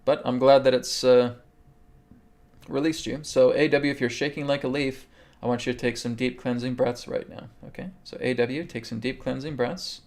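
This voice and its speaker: A man hosting a live show, calmly guiding a healing meditation and answering viewers' questions, often checking in with "okay". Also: medium pitch, moderate pace. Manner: calm, instructive, repeats okay. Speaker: host and spiritual healer.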